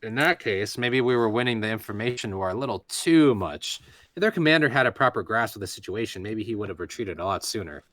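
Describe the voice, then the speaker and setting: Low-voiced man reading a light novel. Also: a little fast, no echo, studio quality. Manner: relaxed, casual, jokey asides. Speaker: reader of the main narrator. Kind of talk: first-person novel narration mixed with banter.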